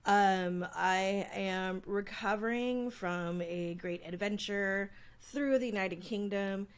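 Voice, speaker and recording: Woman, podcast co-host, casual chat, chatty storyteller, lots of fillers, mid-pitched voice. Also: slow pace, clear, resonant tone.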